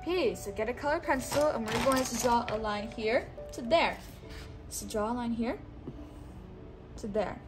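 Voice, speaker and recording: A woman teaching a child one-on-one, speaking slowly and patiently and repeating words for the child to say back. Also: on the high side, music in the background. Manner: slow, coaxing, repeats words for the child to echo.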